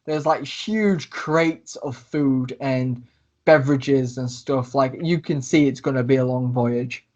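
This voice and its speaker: A man's voice: medium pitch, takes it slowly, a little mellow, muffled recording. A man narrating a tabletop game as game master, chatty and rambling.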